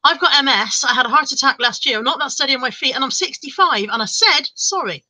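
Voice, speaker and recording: A woman's voice: sits high, animated, fast talker, pushed and bright, dry recording, pitched above the performer's own voice, full character voice, low-quality recording. A woman voicing an upset woman in her sixties who insists she already apologised. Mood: defensive. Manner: pleading, defensive.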